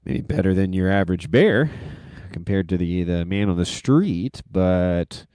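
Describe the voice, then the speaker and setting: A man's voice: low-pitched, expressive, a little slow, mellow, dry recording, clean studio sound. A man hosting a casual livestream, rambling loosely with lots of fillers and self-deprecating asides. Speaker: livestream host and music producer.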